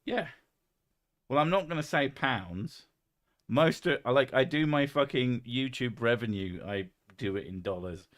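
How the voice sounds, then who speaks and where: A man with a London accent, hosting a loose chat over drinks. He talks bluntly, swears freely and keeps breaking into laughter. His voice sits at an ordinary middle pitch for a man. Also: unhurried, fairly bright tone. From England. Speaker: podcast host. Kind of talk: casual chat while drinking whisky.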